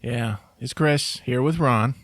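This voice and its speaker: A man's voice: medium pitch, slow, fairly bright tone, no echo. Co-host, man with a mid-range voice, easygoing and a little teasing, dry studio sound. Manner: laid-back, brief replies and playful sign-off. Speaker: podcast co-host. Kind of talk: casual podcast chat.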